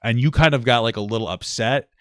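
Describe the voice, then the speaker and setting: A man's voice: mid-range voice, dry recording, studio quality. A man co-hosting a casual chat, talking animatedly, swearing and jumping in often. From New York. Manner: animated, swearing, quick to jump in. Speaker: podcast co-host.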